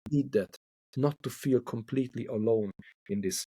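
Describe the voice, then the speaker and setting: A man's voice: medium pitch, moderate pace, dark tone, breathy edge, no room sound. A man from Hungary who speaks English as a second language, a couple therapist talking thoughtfully in a podcast interview and repeating words as he searches for them.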